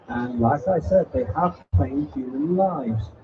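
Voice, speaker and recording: In an event hall, a man shows invertebrates to a family audience, a jokey, theatrical showman teasing the kids. His voice is on the high side and slow. The live-stream audio sounds distant and dull with faint noise.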